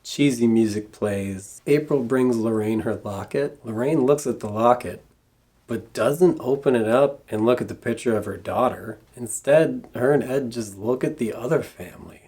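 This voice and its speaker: A man's voice: medium pitch, moderate pace, mellow, slightly rough. A man recapping a horror film scene by scene in a dry, sarcastic comedic review. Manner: dry, sarcastic plot retelling. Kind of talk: comedic movie recap narration.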